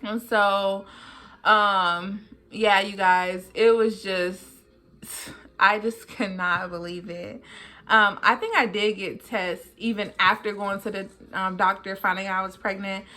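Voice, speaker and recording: A young woman vlogger telling a personal story casually, jumping high in pitch to act out what people said. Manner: animated, jumps high in pitch when acting out what people said.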